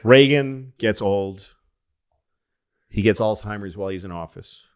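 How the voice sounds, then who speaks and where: A man with a fairly low voice tells a rambling political story on a casual podcast. He acts out the people he quotes, his voice leaping high and loud in their lines before settling back down. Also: a little slow, clean tone. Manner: animated storyteller acting out quotes in excited higher voices. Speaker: podcast host.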